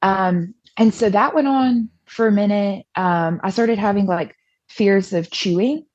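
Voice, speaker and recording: A woman's voice: mid-range voice, a little slow, a little mellow, no room sound, dull audio. A young woman guest telling her story in a casual, chatty way, full of fillers and quoted voices from her past. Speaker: podcast guest.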